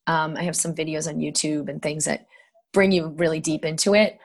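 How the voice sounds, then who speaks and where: A woman leading a tapping exercise in a podcast interview, giving soothing step-by-step instructions with lively asides. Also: deep voice, fairly quick. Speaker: practitioner guest. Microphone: podcast microphone.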